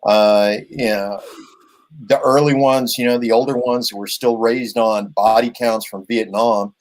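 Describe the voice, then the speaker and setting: A man hosting a casual podcast conversation, talking in a measured, wry way and often filling gaps with "you know". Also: medium pitch, fairly even intonation, a little mellow, rough recording. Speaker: podcast host.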